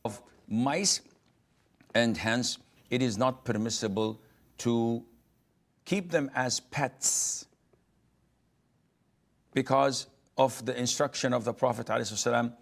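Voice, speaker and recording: Man lecturing on religion, very slow and halting, mid-range voice. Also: mid-range voice, vocal fry.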